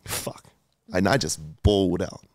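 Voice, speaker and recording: A man's voice: deep voice, fairly even intonation, a little slow, no echo, clean studio sound. A man in his thirties, a podcast guest, telling his story candidly and emotionally, with lots of swearing, fillers and restarts. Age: 30s.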